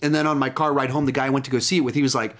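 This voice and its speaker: A man's voice: mid-range voice, fairly even intonation, racing. A man giving a casual, chatty film review, talking loosely with frequent restarts and asides. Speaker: movie reviewer.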